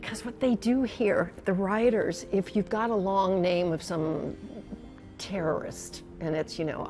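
Soft music plays under this woman's mid-range, slightly slow voice. She's a veteran TV news anchor in her sixties, reminiscing in a heartfelt conversational interview. Her delivery is lively and emotional, and she tends to repeat herself.

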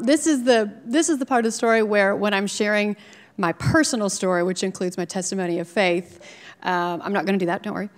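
A woman in her forties from Minnesota, a TV news anchor telling her personal story to a live audience, lively with asides. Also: mid-range voice. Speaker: TV news anchor speaking at a startup event. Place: event venue. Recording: live talk with long hall reverb.

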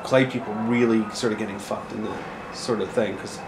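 A man's voice: lowish voice, fairly even intonation, fairly quick. A man in an interview, speaking frankly and reflectively. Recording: echoey room with background noise.

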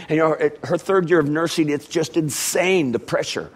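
A middle-aged man preaching a sermon, telling a family story in a storytelling manner and doing animated impressions of his relatives. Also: a little high, a little fast, few pauses, slightly rough. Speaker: pastor.

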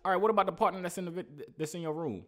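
A man's voice: sits high, racing, fairly bright tone. A man hosting a casual video chat, teasing and trash-talking strangers. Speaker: video host.

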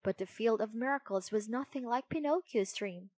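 A woman narrating a children's storybook in an expressive, unhurried way. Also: fairly high pitch, no room sound.

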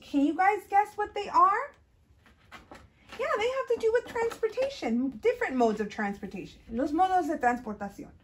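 High, lively children's librarian. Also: female voice. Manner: sing-song, exaggerated for small children; switches between English and Spanish. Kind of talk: bilingual storytime reading and singing.

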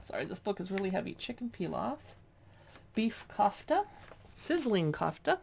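A chatty woman reviewing a cookbook, reading dish names aloud and adding quick asides. Her pitch moves around a lot, with a gravelly edge to her voice. A faint noise sits behind her. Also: very animated, darkish tone. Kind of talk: casual cookbook flip-through.

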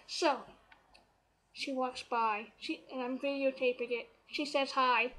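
A woman's voice: sits high, fairly even intonation, takes it slowly, noisy background. A young woman from Canada chatting animatedly through a personal story, full of fillers. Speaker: vlogger.

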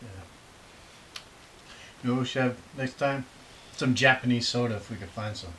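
A middle-aged American dad hosts a casual snack-tasting video, rambling, teasing and cracking dry jokes. His voice is medium-pitched, moderately paced and fairly bright. The audio is poor, with slight background noise.

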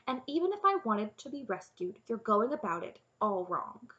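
A woman's voice: a little high, very animated, moderate pace, fairly bright tone, lo-fi sound. A woman narrator voicing a young princess who speaks firmly and matter-of-factly. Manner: firm and matter-of-fact. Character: young princess, firm, practical, unconventional.

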